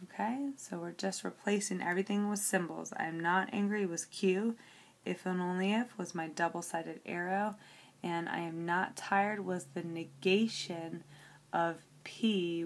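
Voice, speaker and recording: A woman teacher talks slowly through an example she is writing out, keeping her voice slightly low. She explains one step at a time and keeps checking in with a quick "okay" before moving on. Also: fairly even intonation, gravelly. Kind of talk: classroom lesson, working an example on paper.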